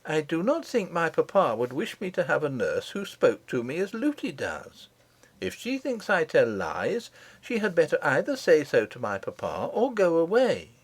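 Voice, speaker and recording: A man's voice: a little high, wildly swooping pitch, moderate pace, slightly rough, voice pushed up, heavily acted. Storybook figure: little princess girl, raised voice, earnest and composed as a male narrator puts her on.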